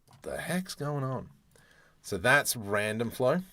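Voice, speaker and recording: A man's voice: mid-range voice, big pitch swings, slow pace, sharp tone. A man from Australia with an Australian accent, chatting and joking as he talks through his work in a live-streamed 3D modeling tutorial. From Australia (Adelaide). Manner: chatty, joking, talks to himself while working. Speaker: 3D artist streamer.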